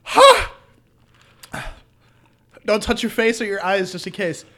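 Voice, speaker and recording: Man, high bright voice, very lively, excitable in casual tasting chat. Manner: excitable, quick to exclaim. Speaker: taste tester.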